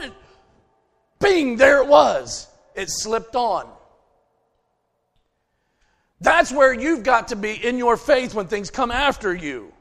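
Middle-aged guy preaching, high voice that swings all over, folksy stories, big reverb hall. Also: big pitch swings, a little slow, fairly bright tone. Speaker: pastor. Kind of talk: sermon.

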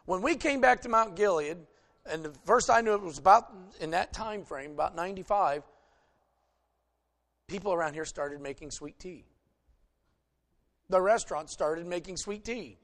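A man from the American South preaches in a folksy, animated way, teasing the congregation between points. His voice sits high for a man. He swings from loud emphasis down to quiet storytelling. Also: moderate pace, long pauses. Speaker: pastor. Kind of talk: sermon.

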